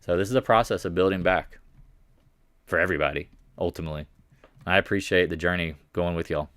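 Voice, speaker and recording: A man hosting a live market recap stream, talking casually and excitedly, rambling and jumping between thoughts. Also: low voice, fairly quick, no echo.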